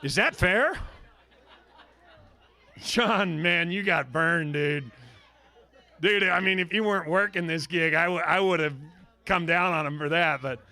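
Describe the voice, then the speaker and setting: Man, charity auctioneer, high voice, bright tone, energetic joking patter. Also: measured pace, long pauses, a faint crowd. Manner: energetic, joking, teasing bidders by name.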